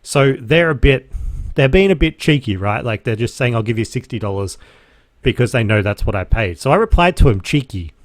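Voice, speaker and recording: A man's voice: medium pitch, a little fast, no room sound. Ranting young Australian man, dry room. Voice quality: animated, swears freely, sarcastic. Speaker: podcast host, reseller. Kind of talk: casual ranting monologue.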